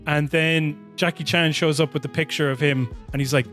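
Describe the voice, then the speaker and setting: Rambling man with a higher voice. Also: steady tone, fairly quick, hardly any pauses, fairly bright tone, faint music behind. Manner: rambling, self-interrupting, laughs often. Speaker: podcast co-host. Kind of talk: casual film discussion.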